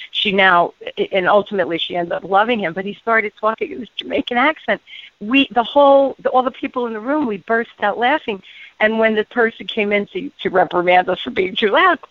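A woman hosting a radio interview, chatty and quick to laugh, with quick asides. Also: mid-range voice, no echo, lo-fi sound. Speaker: radio show host.

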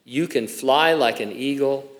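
A man's voice: medium pitch, measured pace. Man preaching a conversational sermon. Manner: conversational preaching with joking asides. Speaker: pastor.

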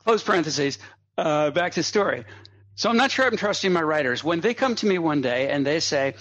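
A man telling a long anecdote as a guest on a podcast, a lively raconteur who drops in asides and chuckles. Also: a little high, brisk. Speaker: guest comedy writer. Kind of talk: anecdotal storytelling in a podcast interview. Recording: dull, slightly lo-fi dry audio.

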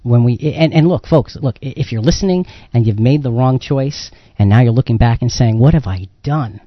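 A man's voice: mid-range voice, a little fast, no echo. A man co-hosting a talk radio show speaks earnestly and turns to the listeners directly. His voice sounds slightly dull and dry. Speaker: radio co-host.

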